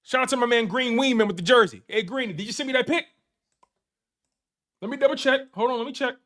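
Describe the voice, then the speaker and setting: A man hosting a sports show in a live post-game rant, excited and laughing, repeating phrases and using slang, with a Philadelphia accent. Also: very high-pitched, quick pace.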